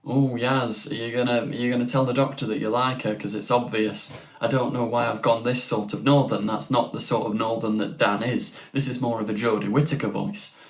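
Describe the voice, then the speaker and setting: A man's voice: mid-range voice, steady tone, brisk, hardly any pauses, natural voice. A man putting on a northern English accent to play a young man teasing a friend. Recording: roomy echo.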